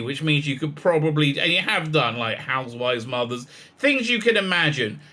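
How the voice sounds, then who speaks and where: Sarcastic ranting man, very bright voice. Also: a little high. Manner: sarcastic, scornful, with frequent stammered restarts. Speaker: YouTube commentator. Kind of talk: ranting vlog commentary.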